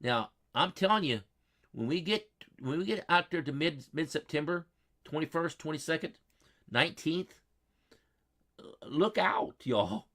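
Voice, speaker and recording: A man's voice: on the high side, expressive, measured pace, pauses often, a bit bright. A man hosting a live weather stream, chatting with viewers in a folksy, repetitive way and quizzing his chat. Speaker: weather livestream host.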